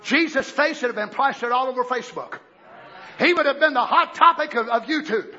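A man preaching a fiery sermon, shouting and swinging into mocking impressions. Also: extremely high pitch, fairly quick. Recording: lo-fi muffled sound.

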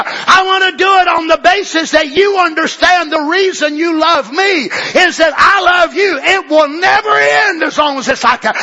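High, bright-voiced fervent older preacher. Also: male voice. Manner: fervent, emphatic, drawn-out exclamations. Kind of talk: sermon. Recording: dull lo-fi recording.

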